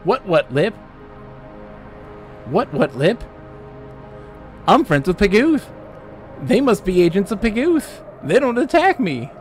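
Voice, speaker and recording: A man putting on a loud, high, bewildered voice with a put-on American Southern drawl. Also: big pitch swings, slow, long pauses, faint music behind, heavily acted. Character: confused male adventurer with put-on southern drawl.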